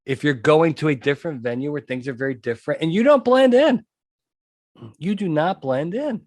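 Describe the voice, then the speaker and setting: A trial consultant hosts a podcast monologue in a slightly high, expressive voice at normal speed, a little mellow, with a dry recording. He speaks emphatically, repeats his key points, and keeps checking in with "okay?"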